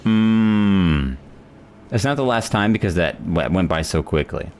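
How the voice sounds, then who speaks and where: A man's voice: low voice, expressive, unhurried, darkish tone, faint music behind. Frustrated swearing male game streamer. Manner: frustrated, swearing, muttering to himself. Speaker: gaming streamer. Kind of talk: live gameplay commentary.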